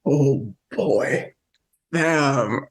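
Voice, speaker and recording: A man co-hosting a podcast, recapping a movie plot in a rambling, excited way. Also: mid-range voice, drawn-out words, slightly rough. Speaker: podcast co-host. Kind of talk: casual movie review chat.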